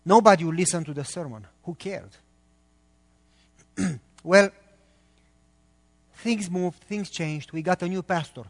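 Romanian-accented man preaching in a hall. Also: sits high. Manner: earnest, talks quickly when excited, pauses between phrases. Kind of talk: sermon. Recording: long reverb of a large hall.

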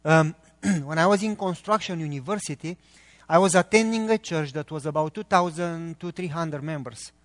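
A man from Romania with a Romanian accent, preaching a sermon earnestly and speeding up when excited. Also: a little high. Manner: earnest, talks quickly when excited, pauses between phrases. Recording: long reverb of a large hall.

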